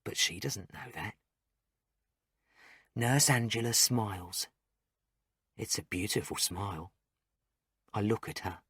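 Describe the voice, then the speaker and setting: A man's voice: on the low side, slow, pauses often, fairly bright tone, slightly rough, no echo, clean studio sound. A man narrating a graded-reader story for English learners in a plain, carefully spaced way, with short sentences.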